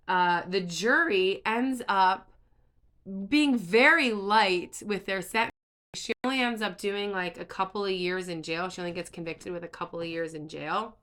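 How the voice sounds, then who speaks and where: A woman's voice: medium pitch, bright, forceful tone, clear, resonant tone. A young woman casually recapping a novel's plot while doing her makeup, chatty and full of likes and ums. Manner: chatty, filler-heavy retelling with many likes and ums. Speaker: book vlogger.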